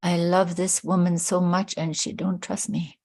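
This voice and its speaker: A patient, heartbroken young man from a told tale, as a woman storyteller voices him. He speaks slowly, with a mellow tone. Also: lowish voice, level tone, vocal fry.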